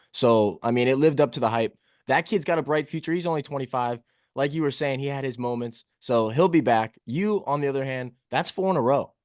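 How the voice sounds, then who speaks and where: A man's voice: mid-range voice, a little mellow, no echo, studio quality. A man interviewing a fighter, casual and encouraging, with many fillers. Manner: casual, encouraging, says "like" often.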